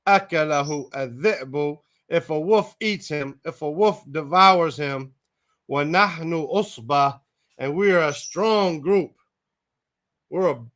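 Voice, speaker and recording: Male Quran Arabic teacher, slightly high voice, slow and methodical, says each word, then glosses it. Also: a bit bright. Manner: thinks aloud, tentative asides. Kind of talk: word-by-word Quran translation lesson.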